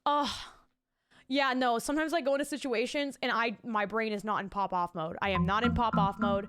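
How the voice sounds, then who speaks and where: A woman's voice: a little high, fairly even intonation, a little fast, over loud music. A young adult woman, streaming and chatting casually, bubbly and rambling as she thanks her chat.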